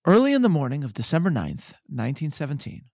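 Gravelly man narrating history. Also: fairly high pitch, sing-song, darkish tone, dry recording, clean studio sound. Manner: measured storytelling, slows for emphasis. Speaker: podcast host.

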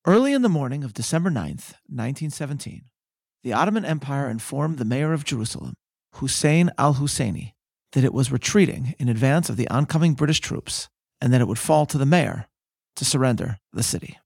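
A man hosting a podcast, giving a measured, scripted historical narration and reading quotations aloud. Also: mid-range voice, expressive, gravelly, a little mellow, breathy edge, dry recording, studio quality. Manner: measured, storytelling, reads quotes aloud. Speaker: podcast host.

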